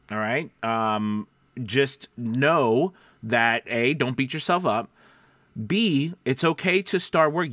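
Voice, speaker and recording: A man's voice: mid-range voice, a bit bright, dry recording. Nasal-voiced man giving advice. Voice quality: somewhat nasal. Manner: conversational, restarts, asks viewers questions. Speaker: voice-over coach. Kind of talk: casual advice talk to camera.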